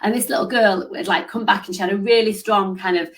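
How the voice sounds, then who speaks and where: A woman's voice: mid-range voice, fairly even intonation, fast. A woman leading a live coaching session, upbeat and encouraging, reading out comments. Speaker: business coach.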